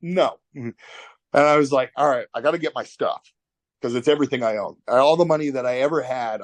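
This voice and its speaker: Candid, profane man telling a story. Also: medium pitch. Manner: candid, profane, lots of fillers. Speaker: tattoo artist guest. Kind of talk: casual storytelling.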